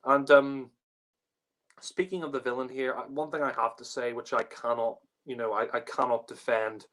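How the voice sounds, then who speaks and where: A man's voice: medium pitch, flat delivery, moderate pace, fairly bright tone. A man in casual podcast chat, laughing and swearing as he rambles with lots of fillers. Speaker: podcast co-host. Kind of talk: casual chat, reviewing a TV story.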